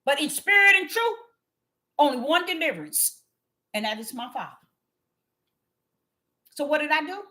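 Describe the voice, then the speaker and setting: A woman preaching an impassioned sermon, calling out to her listeners and swinging from low murmurs to loud cries. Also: sing-song, normal speed, long pauses. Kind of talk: fiery street sermon.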